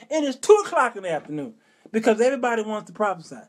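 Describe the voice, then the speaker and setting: A middle-aged man hosting his own talk show, venting in an animated, exasperated comic rant full of rhetorical questions and casual vernacular. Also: very high-pitched, fast. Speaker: show host.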